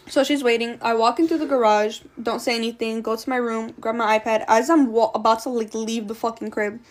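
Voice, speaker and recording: Casting note: woman with a higher-pitched voice, casual storytime vlogger, blunt and slangy, swears a lot. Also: fairly even intonation, a little fast. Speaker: storytime creator.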